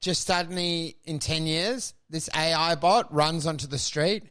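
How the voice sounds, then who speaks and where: A man co-hosting a podcast in casual comedic chat, riffing and acting out absurd scenarios in shrill voices. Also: measured pace, a bit bright. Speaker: podcast co-host.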